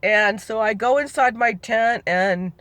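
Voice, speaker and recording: A middle-aged woman, a family storyteller, recalls a personal family memory in a rambling, conversational oral-history style that keeps correcting itself. Her voice is slightly high and fairly bright, at a measured pace on a dry recording.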